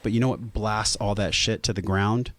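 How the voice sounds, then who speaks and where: A man's voice: lowish voice, fairly even intonation, moderate pace, fairly bright tone, no room sound. A man speaking as a podcast guest, earnest and intense, swearing for emphasis in emotional conversation.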